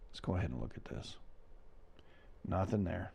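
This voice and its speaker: American guy doing a laid-back space weather show, low gravelly voice that swings up and down a lot. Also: animated, normal speed, pauses often, a little mellow. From United States. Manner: loose, rambling, chuckles between remarks. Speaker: host of a space weather report. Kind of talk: casual livestream commentary.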